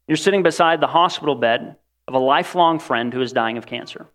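A man preaching a sermon in an animated way, acting out the voices of the people he quotes. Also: medium pitch, a little fast.

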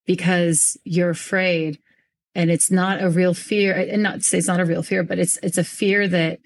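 A young woman hosts a relaxed podcast conversation, her voice sitting a touch low for a woman. She talks with animated energy, circling back and restarting phrases as she thinks out loud. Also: normal speed. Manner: animated, repeats herself often while working through thoughts. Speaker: podcast host and business coach. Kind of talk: casual conversational interview.

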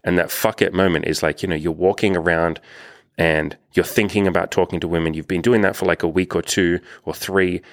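Give me a young male coach with a low, fry-laden voice, chatting loosely and swearing now and then. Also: steady tone, brisk, no echo, clean studio sound. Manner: rambling, self-deprecating, swears freely. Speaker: dating coach. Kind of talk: casual coaching monologue.

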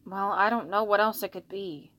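A woman's voice: mid-range voice, moderate pace, sharp tone, natural voice. A woman voicing a flustered, apologetic young father who talks nervously and sighs. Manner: sighing, nervous.

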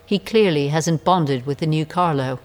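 An actress playing a brisk, businesslike technician who gives crisp commands. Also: female voice, deep voice, close to an everyday voice.

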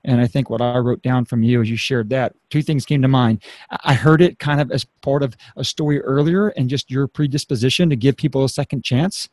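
A man's voice: mid-range voice, brisk, no echo. A man hosting a podcast interview, talking casually and with upbeat energy, often repeating a word as he starts a phrase. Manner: upbeat, energetic, hypes the sign-off. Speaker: podcast host.

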